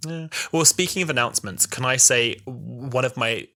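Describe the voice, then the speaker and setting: A man in his twenties co-hosting a podcast, telling stories in animated casual chat. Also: mid-range voice, moderate pace. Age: 20s. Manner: animated storytelling, acts out quotes. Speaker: podcast co-host.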